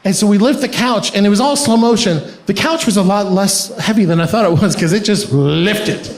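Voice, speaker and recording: Male stand-up comic, high voice, lively storyteller, roomy echo. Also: fairly quick. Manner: animated, laughs through his story. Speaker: stand-up comedian. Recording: echoey room with ambient noise.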